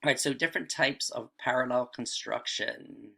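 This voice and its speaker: A man's voice: medium pitch, moderate pace, vocal fry, sharp tone. A man teaching writing in a casual video lesson, often checking in with "all right" and "right?".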